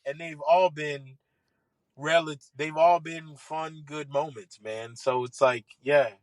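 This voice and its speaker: A man who works as a golf caddie, telling lively, laughing anecdotes as a podcast guest. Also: a little high, takes it slowly, no echo, rough recording. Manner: lively, laughs while telling stories, swears casually. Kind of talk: animated anecdote storytelling. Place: podcast studio.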